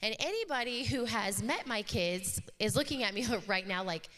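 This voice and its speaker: A woman's voice: fairly high pitch, normal speed. A woman pastor in her thirties preaching a sermon, chatty and joking as she tells stories about her family. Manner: chatty, joking, animated storytelling. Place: church sanctuary. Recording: live church hall reverb.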